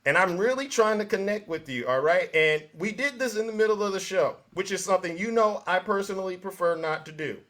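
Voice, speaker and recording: Bright-voiced man hosting a call-in. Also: high voice, fairly quick, hardly any pauses. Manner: calm, soothing, repeats names to get attention. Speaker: host. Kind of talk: live call-in show hosting.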